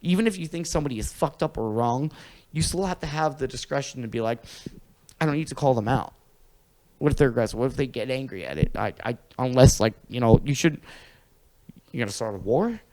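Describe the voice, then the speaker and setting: A man's voice: medium pitch, expressive, fairly quick, a little mellow, low-quality recording. A man talking casually on a podcast, ranting animatedly and swearing a lot. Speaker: podcast host.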